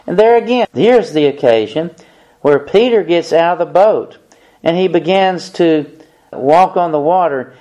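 Male preacher, slightly high voice, unhurried, reads scripture aloud between comments. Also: lively intonation, warm tone. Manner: deliberate, reads aloud from the Bible. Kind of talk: sermon with scripture reading.

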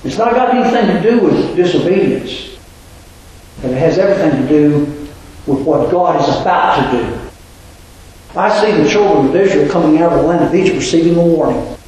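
Male preacher, high voice, rhetorical sermon delivery, very echoey church. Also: lively intonation, a little fast, darkish tone. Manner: rhetorical, asks the congregation questions. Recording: very echoey room.

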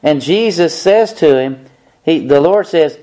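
Male preacher, slightly high voice, unhurried, reads scripture aloud between comments. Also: animated, mellow. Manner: deliberate, reads aloud from the Bible. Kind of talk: sermon with scripture reading.

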